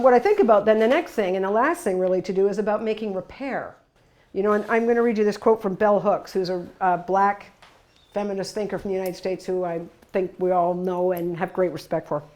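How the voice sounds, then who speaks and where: A woman presenting a talk to workers in a conversational, emphatic style, often adding tag questions. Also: mid-range voice. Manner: lively storytelling with sudden bursts of loudness. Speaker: workshop presenter.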